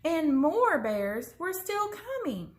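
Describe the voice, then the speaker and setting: A woman reading a children's story aloud in an expressive way, slowing down for suspense. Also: high voice. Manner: expressive, slows down for suspense, sometimes drops to a whisper.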